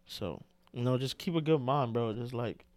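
A man co-hosting a casual podcast, talking in an animated, slangy way and saying "bro" a lot. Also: mid-range voice, normal speed, no room sound. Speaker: podcast co-host.

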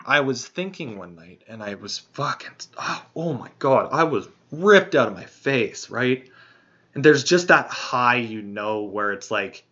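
A man's voice: medium pitch, a bit bright. A man hosting a podcast, talking casually in a rambling, profane, soul-searching way. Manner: rambling, profane, introspective storytelling. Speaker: podcast host. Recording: dull lo-fi sound.

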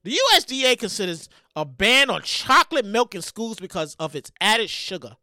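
Woman, around forty, podcast host, excitable, swearing, bright voice, dry close sound. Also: medium pitch, normal speed, no room sound. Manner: loud, excitable, yells and swears often. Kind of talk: animated solo commentary.

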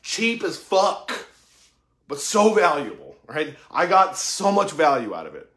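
A man giving a casual monologue about mentorship, profane and excitable, full of slang, acting out conversations he quotes. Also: fairly high pitch, measured pace. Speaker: tattoo artist talking about mentorship.

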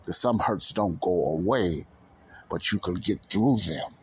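Deep husky man hosting a faith podcast. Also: unhurried, darkish tone. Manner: earnest, repetitive, restarts often. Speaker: podcast host. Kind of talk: casual Christian commentary.

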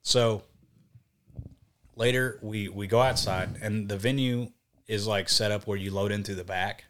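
Profane, animated young man telling a story. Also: lowish voice, unhurried. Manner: profane, animated, acts out quotes. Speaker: podcast guest, band vocalist. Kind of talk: casual storytelling.

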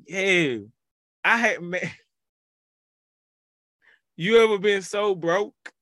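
Fervent preaching man, bright and dry. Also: a little high, animated, slow, pauses often, no room sound. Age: 30s. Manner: fervent, chanting call-and-response; reflective and personal, with soft laughs. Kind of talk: devotional preaching.

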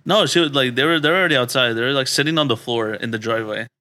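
A man's voice: medium pitch, racing, bright, forceful tone. A young man co-hosting a casual podcast, telling stories in a laid-back way, swearing and saying "dude" and "bro". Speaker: podcast co-host.

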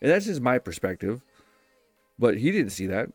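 A young man hosting his own podcast, giving profane, blunt advice in a casual solo monologue and acting out quick quoted exchanges. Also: medium pitch, sing-song, darkish tone, no echo, faint music behind. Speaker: podcast host.

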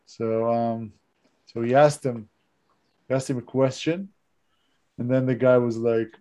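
A man's voice: medium pitch, fairly even intonation, a little slow, dark tone. A young man co-hosting a casual podcast, telling stories and jokes in a hesitant way. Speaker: podcast co-host. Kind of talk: casual chat.

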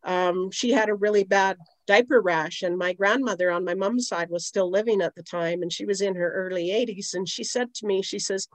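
A woman's voice: medium pitch, fairly quick, hardly any pauses, dry recording, poor audio. A middle-aged woman, a guest on an interview podcast, telling long rambling stories with many asides. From Canada. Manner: rambling, conversational, many "you know" asides. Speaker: guest, aromatherapist.

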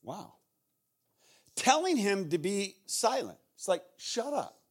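A guest pastor with an American accent preaching a sermon. He acts out shouted voices from the story and drops to a hushed tone when he prays. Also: high voice, sing-song, slow pace.

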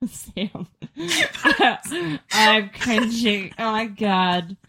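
A young woman co-hosting a podcast, telling a story in lively casual chat and teasing her friend. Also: fairly high pitch, very slow, a little hiss or hum. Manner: animated storytelling, teasing, laughs often. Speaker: podcast co-host.

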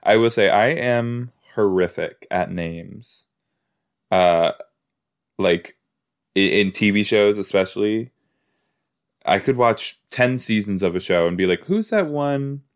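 With a lowish, clean-toned voice, this man hosts a podcast, casually reacting to a TV episode and readily gasping and laughing in amusement.

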